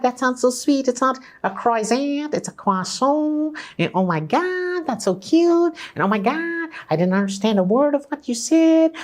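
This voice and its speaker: A man's voice: extremely high pitch, a little mellow, pitched above the performer's own voice. A man voicing a gushing, naive American admirer in a mocking, sing-song way.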